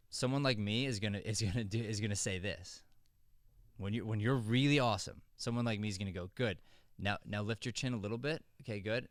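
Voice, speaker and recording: A man's voice: fairly low pitch, dry recording, studio quality. A middle-aged man hosting an acting podcast, talking in an earnest, rambling way with frequent restarts. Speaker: acting coach and podcast host. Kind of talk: casual podcast chat.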